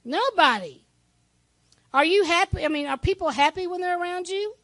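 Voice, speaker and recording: A woman pastor preaching a sermon in a lively, conversational way, with asides to the congregation. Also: very high-pitched, normal speed, dry recording.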